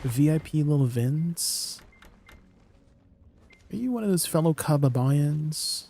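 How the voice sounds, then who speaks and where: Fairly high-pitched and animated yet slow, this young man's voice is creaky and mellow. A Canadian with a Canadian accent, he chats playfully with his audience on a live gaming stream and asks them questions.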